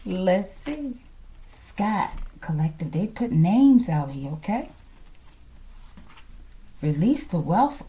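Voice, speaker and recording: Lively-voiced woman reading tarot. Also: mid-range voice, slow pace, pauses often. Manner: chatty, drops into whispers, laughs often. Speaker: tarot reader.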